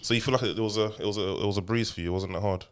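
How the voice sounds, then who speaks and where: A man with a very low voice hosts a relaxed podcast chat as a father. He talks in a teasing, rambling way and often repeats his questions. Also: rapid-fire, clean tone.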